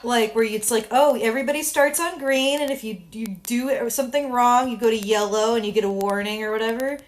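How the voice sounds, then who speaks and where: A woman's voice: on the high side, fairly quick. A young woman chatting casually, joking and swearing freely. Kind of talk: casual chat.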